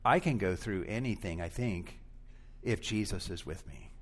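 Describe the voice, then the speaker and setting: A man preaching a sermon in a deliberate, reflective manner. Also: sits low, husky.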